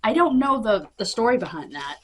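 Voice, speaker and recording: A woman casually recapping a wrestling event as the host of her vlog, halting with many ums and hiccupping. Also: fairly high pitch, sing-song, a little hiss or hum. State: hiccupping, coughing.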